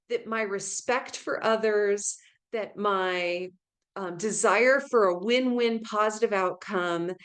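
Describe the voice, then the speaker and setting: A woman's voice: medium pitch, a bit bright. A woman teaches a workplace communication webinar over a video call. She keeps it conversational and greets attendees by name as she goes. Now and then she acts out a brief example to show how tone changes a message. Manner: demonstrates tones of voice in short acted examples. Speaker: webinar presenter.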